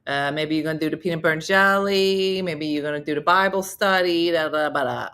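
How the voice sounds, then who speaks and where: A woman's voice: sits low, a little fast, fairly bright tone, clear, resonant tone. A middle-aged woman hosting a casual comedy morning show, telling stories and acting out quotes in a sing-song voice. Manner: chatty storyteller who acts out quotes in sing-song voices.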